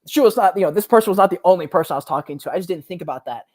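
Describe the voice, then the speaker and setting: Animated young man telling a story. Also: high voice, rapid-fire. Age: 20s. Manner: animated, slangy, peppers speech with "bro" and "like". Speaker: podcast co-host. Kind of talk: casual storytelling.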